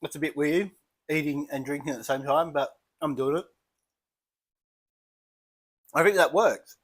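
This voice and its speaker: A man's voice: on the high side, a little fast, breathy edge. Chatty Australian man tasting beer. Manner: relaxed, chatty, thinking aloud while eating and sipping. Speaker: beer reviewer. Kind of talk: casual tasting vlog.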